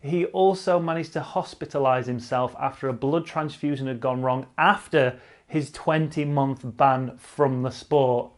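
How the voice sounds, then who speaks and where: A man's voice: medium pitch, unhurried. A man hosting casual online cycling news commentary, blunt and sarcastic, swearing freely and repeating himself for emphasis.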